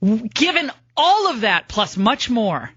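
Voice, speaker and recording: A middle-aged woman hosting a political talk radio show, delivering a sarcastic, mocking monologue of rapid-fire lists. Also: on the high side, sing-song, fairly bright tone, husky, dry recording, highs cut off.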